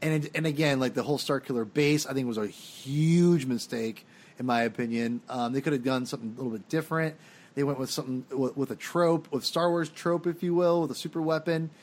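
A man's voice: mid-range voice, fairly quick. A man co-hosting a casual film podcast, rambling and opinionated, often restarting his sentences. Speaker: podcast co-host. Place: home, dog heard drinking behind him.

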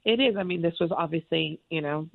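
A woman's voice: deep voice, a little fast, creaky. A woman in her forties, a guest on a radio talk show, chatting casually and a bit self-deprecating from Florida. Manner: chatty, self-deprecating, acts out quoted voices. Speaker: actress and singer guest. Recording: tinny phone line.

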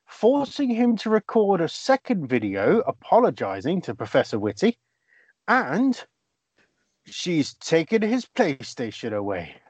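A man's voice: on the high side, wildly swooping pitch, measured pace, a little mellow, husky, no room sound. A man hosting a comedy podcast, wry and laughing often as he reads out news stories. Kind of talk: comic banter. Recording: dry, dull lo-fi sound.

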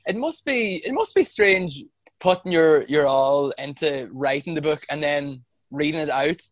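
A man's voice: a little high, expressive, a little slow, no echo. A man hosting an interview, asking loose, musing questions with several restarts. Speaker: podcast host.

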